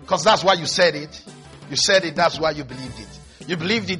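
A man preaching with a high, bright voice. He swings from hushed, low asides to excited, high shouts. Faint music plays underneath. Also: fairly quick. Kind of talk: sermon.

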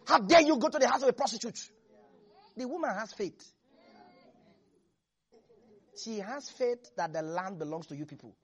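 A preacher delivering a lively sermon, laughing and acting out Bible characters. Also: sits high, dull audio.

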